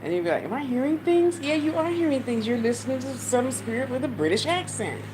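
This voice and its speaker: An American woman who hosts a spiritual channel talks fast in a fairly high, very animated voice, handing her viewers casual, blunt spiritual advice and cursing freely. She's at home with a fan running, and the recording picks up loud fan noise and traffic in the background.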